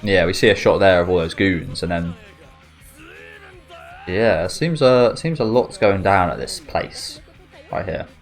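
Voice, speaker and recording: A man's voice: low voice, a little slow, long pauses, soft background music. A man giving a casual, rambling reaction commentary on an anime trailer, often trailing off as he searches for words. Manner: rambling and chatty, often losing his train of thought.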